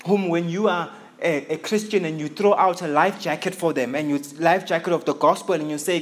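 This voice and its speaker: A man's voice: on the high side, a little fast, few pauses. Earnest preacher man. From South Africa. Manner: earnest, emphatic, repeats key phrases for stress. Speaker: visiting pastor. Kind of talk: sermon. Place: church in England.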